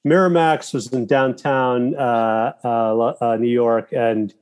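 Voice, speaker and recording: A man talking as a guest in a casual interview, telling animated stories with profanity and quoting his own thoughts aloud. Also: medium pitch, slow pace, clean tone. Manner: animated storytelling with profanity and quoted inner thoughts. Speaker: guest, filmmaker and actor.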